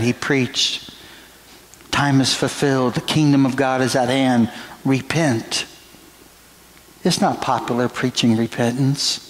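A man's voice: medium pitch, a little hiss or hum, rough recording. A middle-aged man preaching a sermon as pastor in a church, earnest and drawn out. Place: church sanctuary.

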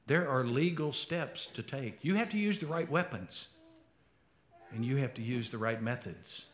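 A man's voice: sing-song, moderate pace. A male pastor with an Arkansas twang, preaching a conversational sermon and often repeating words as he starts a phrase. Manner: rises in pitch and volume for emphasis.

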